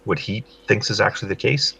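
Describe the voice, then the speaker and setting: A low, gravelly man with a husky edge to his voice, talking in a relaxed group chat. He gets animated when he explains his points. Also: fairly quick. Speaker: podcast co-host.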